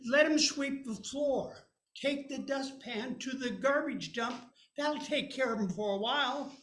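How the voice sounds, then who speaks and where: An older man voicing a bossy older sister who scolds her little brother in slow, loud bursts, in an echoey room. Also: sits high, a little hiss or hum, voice pushed up. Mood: bossy, scolding.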